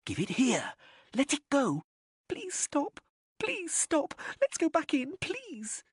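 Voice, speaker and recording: A man's voice: very high voice, wildly swooping pitch, takes it slowly, no room sound, clean studio sound, voice pushed up, full character voice. A man reading an audiobook, voicing a small frightened girl with a tiny pleading voice.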